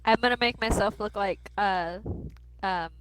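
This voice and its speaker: A woman playing in a tabletop game, speaking quickly and matter-of-factly. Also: mid-range voice, background noise. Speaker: player. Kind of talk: casual tabletop play.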